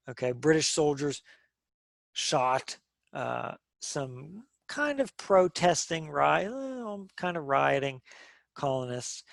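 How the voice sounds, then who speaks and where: A man's voice: medium pitch, gravelly, no room sound. A male teacher giving a social studies lesson to a class in a conversational way, asking the class questions and often restarting his sentences.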